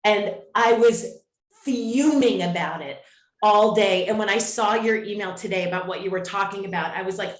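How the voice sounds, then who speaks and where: A woman in a casual group discussion, talking in animated, ranting bursts. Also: medium pitch, fairly quick, few pauses, reverberant.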